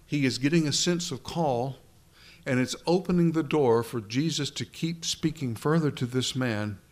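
A man's voice: mid-range voice, normal speed. A man preaching a sermon in a conversational way, speaking directly to his listeners and often restarting his words.

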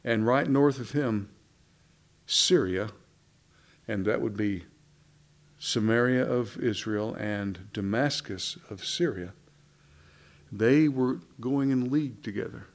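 A man preaching a sermon in a conversational, folksy way, with asides and quick restarts. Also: medium pitch.

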